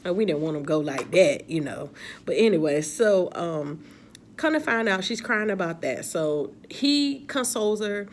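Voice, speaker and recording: A woman's voice: lowish voice, lively intonation, moderate pace. Woman reviewer, chatty, exasperated, laughing asides, faint hiss behind. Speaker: TV episode reviewer. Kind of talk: casual recap and commentary.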